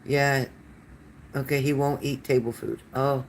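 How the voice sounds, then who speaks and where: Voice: mid-range voice, flat delivery, a little slow, slight background noise. Chatty psychic reader talking to viewers. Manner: chatty and warm-toned, addressing viewers by name and calling them honey; loose, rambling speech with many fillers and restarts. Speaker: psychic card reader hosting a live stream. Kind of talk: casual live-stream card reading, answering viewer comments.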